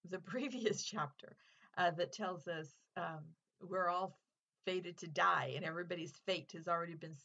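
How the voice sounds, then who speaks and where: A woman's voice: on the low side, a bit bright, highs cut off. A woman English teacher hosting a literature podcast, giving a casual spoken lesson in an earnest, chatty way with fillers.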